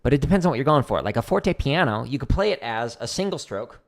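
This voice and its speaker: A man's voice: mid-range voice, very animated, fast, creaky, very noisy. A man hosting a casual livestream drum lesson, explaining technique as he demonstrates, with frequent "like" fillers.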